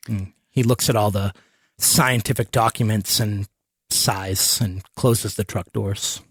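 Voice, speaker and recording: A man playing in a tabletop role-playing game, narrating his character's scene in a slow, halting way. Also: fairly low pitch, breathy edge, no room sound, studio quality. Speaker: player.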